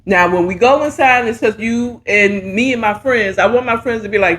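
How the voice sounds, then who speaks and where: A woman's voice: fairly high pitch, fairly quick, few pauses, fairly bright tone, slight background noise. A middle-aged woman giving casual, sassy, playful commentary while reviewing a talk show.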